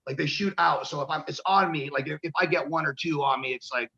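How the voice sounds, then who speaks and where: A man's voice: a little high, quick pace, creaky, pushed and bright, muffled recording. A man, a pro wrestler, telling rambling, profane stories in a casual interview and acting out the voices of people he quotes.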